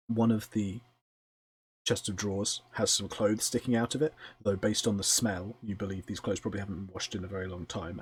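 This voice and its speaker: A man with a fairly low voice narrates a tabletop game as its game master, lingering over details and filling pauses with ums and uhs. A faint hiss of noise sits under his voice. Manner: descriptive, with frequent ums and uhs.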